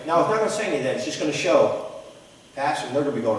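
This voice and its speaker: Pastor, middle-aged man, animated folksy sermon storytelling, slightly high voice, far from the mic in a reverberant church. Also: racing, a little hiss or hum. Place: church sanctuary. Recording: echoey hall, from far off.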